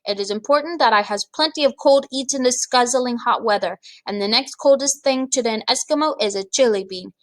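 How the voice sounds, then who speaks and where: A woman doing a booming greedy giant. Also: brisk, few pauses, no room sound, natural voice. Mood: gloating bully. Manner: booming, shouting insults. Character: huge brutish male giant, greedy and bullying.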